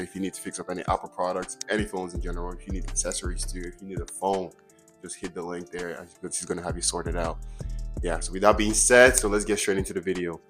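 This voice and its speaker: A man's voice: deep voice, a bit bright. A young man hosting a casual podcast, rambling and repeating words as he talks. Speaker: podcast host.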